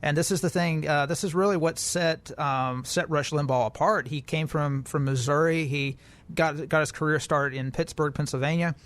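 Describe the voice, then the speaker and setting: Male podcast co-host, slightly high voice, casual read-aloud delivery with fillers and restarts. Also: fairly even intonation, moderate pace, a bit bright. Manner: reads news quotes aloud, with fillers and restarts. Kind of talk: casual political podcast chat.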